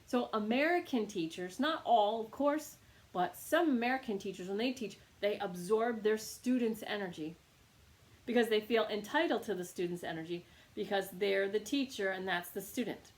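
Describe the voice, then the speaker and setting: A woman reiki teacher telling a casual teaching anecdote, animated and laughing often. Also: mid-range voice, moderate pace. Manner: animated storytelling with frequent laughs.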